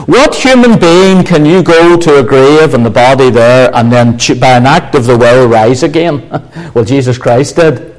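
A man delivering a sermon in an emphatic, declaiming manner. He swells into exclamations and then drops back, slowing down to lean on key words. His pitch sits in a moderate, middle range. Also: sing-song, a little mellow, poor audio. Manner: emphatic, rising to exclamations, slow deliberate stress. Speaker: preacher.

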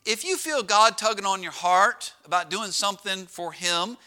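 High, bright-voiced preaching man. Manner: animated storytelling with dramatic slowdowns and drops to a hush. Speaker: pastor. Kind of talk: sermon.

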